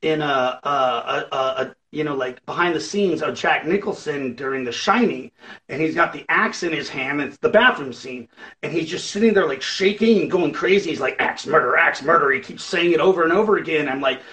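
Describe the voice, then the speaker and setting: A man talks casually as a musician guest in an interview. His voice sits a little high. He rambles with many fillers and acts out what people said. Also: fairly quick, a bit bright, rough recording. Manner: rambling, full of fillers and acted-out quotes.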